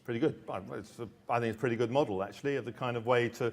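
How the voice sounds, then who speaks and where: A man's voice: mid-range voice, racing, darkish tone. A middle-aged man giving a presentation about a course book, talking with many restarts and repeated words. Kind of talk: presentation talk.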